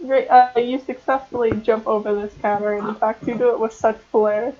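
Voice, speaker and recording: A woman's voice: a little high, fairly even intonation, brisk, phone-quality sound, a little hiss or hum. A young woman narrating as game master for a tabletop game, hesitant and full of ums and restarts.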